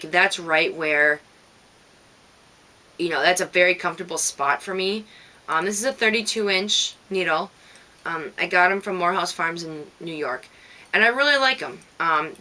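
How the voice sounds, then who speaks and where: A woman's voice: low-pitched, bright, forceful tone. A woman with a light Minnesota accent, hosting a knitting podcast in casual, rambling chat and thanking listeners by name.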